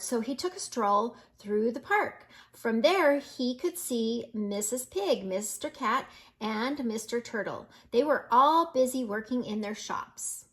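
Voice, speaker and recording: Slow-reading grandmother with a high voice. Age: older. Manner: gentle, slow, pointing out pictures. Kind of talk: children's read-aloud.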